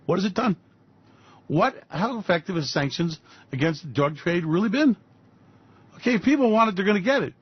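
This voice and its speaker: A man's voice: high-pitched, lively intonation, fairly quick, pauses often, slightly rough, no echo. A man hosting a radio show, ranting about markets in a profane, sarcastic way. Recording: dull dry lo-fi recording.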